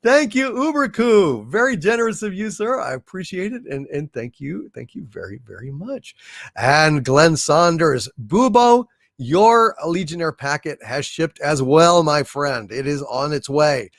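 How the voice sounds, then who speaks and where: A man's voice: a little high, big pitch swings, a little slow, a bit bright, no echo, studio quality. A man hosting a casual livestream, reading and answering viewer messages in a rambling way with many fillers and restarts, swearing when he rants. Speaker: livestream host reading viewer super chats. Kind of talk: casual live-stream chat.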